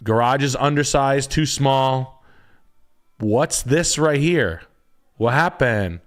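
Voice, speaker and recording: A man's voice: medium pitch, takes it slowly. A man hosting a live stream, giving blunt, profane critiques of house listings as a realtor.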